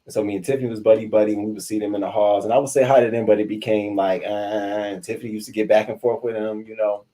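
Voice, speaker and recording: A young adult man telling a school story in an animated, profane way, acting out the voices of the people in it. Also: lowish voice, fast talker. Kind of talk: confessional storytelling.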